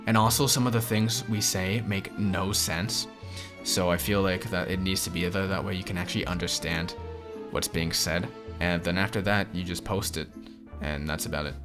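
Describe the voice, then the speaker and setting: A young man with a lowish voice talks through viewer questions in a relaxed, rambling way, dropping in plenty of fillers. Background music plays clearly under his voice. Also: moderate pace. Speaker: channel host answering questions. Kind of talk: casual Q&A chat.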